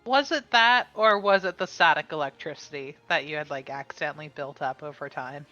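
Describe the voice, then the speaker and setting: Bright-voiced woman game master, dull stream audio. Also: deep voice, a little fast, faint music behind. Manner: calls rolls and describes attacks, with small laughs. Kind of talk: narrating a tabletop game. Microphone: streaming mic.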